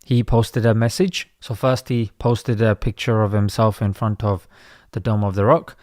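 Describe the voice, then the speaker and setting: A man's voice: lowish voice, flat delivery, normal speed, a little mellow, no echo, clean studio sound. A man commenting on social media posts in a conversational, opinionated way.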